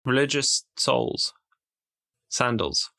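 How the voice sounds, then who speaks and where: A man's voice: medium pitch, animated, slow pace, gravelly, bright, forceful tone. A man playing a tabletop game, chatting casually and hesitantly with chuckles. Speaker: player.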